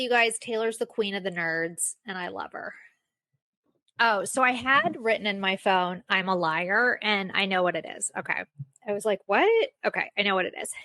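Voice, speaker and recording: A woman's voice: mid-range voice, pushed and bright, dry recording. A young woman hosting a casual solo podcast, telling a self-mocking story with lots of fillers. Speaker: podcast host.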